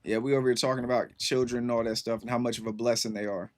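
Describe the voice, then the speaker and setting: Stream host, thirties man, easygoing and slangy, average pitch, chatty. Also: little pitch movement, fast talker. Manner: laid-back, rambling, lots of fillers and slang. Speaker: livestream host. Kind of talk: casual chat with viewers.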